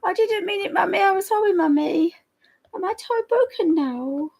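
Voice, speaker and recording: A woman's voice: very high voice, lively intonation, moderate pace, gravelly, a little mellow, pitched above the performer's own voice, exaggerated voice. A woman voicing her pet dog as a sorry, pleading little male pup in whiny baby talk.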